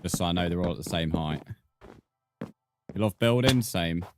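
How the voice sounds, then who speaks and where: Low-voiced man streaming a game. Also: normal speed. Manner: banters with chat, swears, counts blocks aloud. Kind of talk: casual live-stream chat. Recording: background music under voice.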